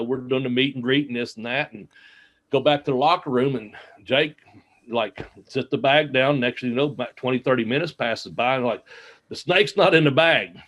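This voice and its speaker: Guy telling old wrestling-tour stories, lots of um and uh, mid-pitch voice, chuckles along. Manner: rambling, full of fillers and restarts; laughs at his own stories. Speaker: interview guest, retired wrestler. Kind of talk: casual storytelling.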